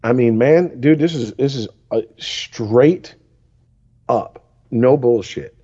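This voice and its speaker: Foul-mouthed guy in his 40s rambling on a podcast, dark mellow voice, muffled lo-fi sound. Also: mid-range voice, slow, breathy edge. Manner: profane, rambling storytelling. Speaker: podcast co-host. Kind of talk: casual chat. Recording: dull lo-fi recording.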